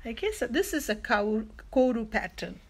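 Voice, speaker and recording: A woman childcare educator reading a picture book aloud to young children, pausing to explain words. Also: on the high side, very animated, slightly rough.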